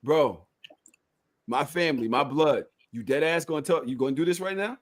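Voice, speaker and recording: A man co-hosting a podcast in casual chat, teasing and animated, with loud bursts. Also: a little high, normal speed. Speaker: podcast co-host.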